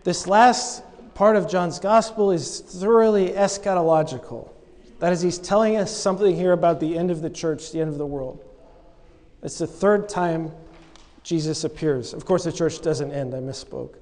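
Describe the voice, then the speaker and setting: A high-voiced man preaching, retelling a scripture scene with playful asides and little acted-out voices. His words ring with the long reverb of a big hall. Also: moderate pace. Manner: animated storytelling, acts out quoted lines with humor. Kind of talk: sermon.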